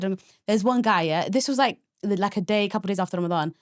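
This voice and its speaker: Fast-talking young woman telling a story. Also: mid-range voice, no echo, studio quality. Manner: animated, fast storytelling with many fillers and squealed quotes. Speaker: podcast co-host. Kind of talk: casual chat, storytelling. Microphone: podcast microphone.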